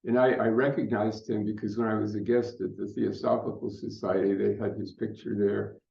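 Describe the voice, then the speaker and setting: An older man speaking at a conference, telling a personal story in an unhurried, reflective way with fillers. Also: on the low side, flat delivery, gravelly, mellow. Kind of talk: storytelling talk. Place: conference hall. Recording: muffled roomy hall recording.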